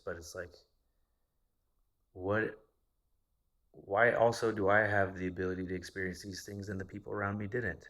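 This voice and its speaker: A man's voice: sits low, sharp tone. A man in his thirties telling a personal story casually, rambling and swearing freely. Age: 30s. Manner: profane, rambling.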